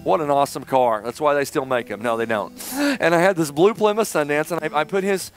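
A middle-aged man preaching a sermon in church, telling a personal story and swinging between loud emphasis and hushed, tender passages. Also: a little high, fairly quick, faint music behind. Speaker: pastor. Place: church sanctuary.

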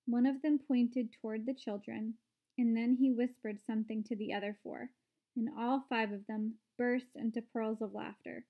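A woman narrating a children's book aloud in a steady, clear way. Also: on the high side, moderate pace. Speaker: storyteller. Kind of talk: read-aloud storybook narration.

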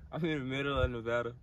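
A young man with a drawl talks in a loose, rambling, profane way, mid-pitched. He's recording on a phone outside, with plenty of wind and road noise behind him. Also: rough recording. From Alabama, US. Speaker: vlogger. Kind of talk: casual chat. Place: outdoors in rural desert. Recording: outdoor phone video with noise.

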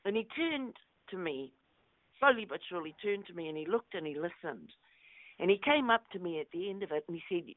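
A woman's voice: lowish voice, brisk, no echo. Middle-aged New woman on a tinny line. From New Zealand. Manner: lively anecdotal, acts out quotes. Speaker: actress guest. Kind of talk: interview storytelling. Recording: dry tinny phone-like line.

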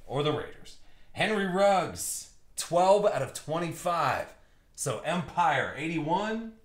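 A young man hosting a live trading card break, excitedly calling out cards and buyers in slangy chat. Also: on the high side, slow. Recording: roomy echo.

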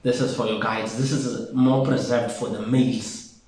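A traditional healer from South Africa demonstrates brewing at home in an easygoing way, repeating phrases often as he goes through each step. His mid-range, darkish voice keeps a fairly even intonation at a normal speed. The recording comes from a very echoey, bare room in a home he's only just moved into.

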